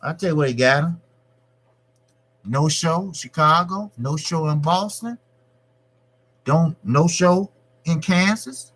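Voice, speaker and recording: Male boxing channel host; loose, cussing live-stream talk, a bit higher than average. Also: takes it slowly, long pauses. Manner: profane, repetitive, animated. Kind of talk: casual live-stream rant.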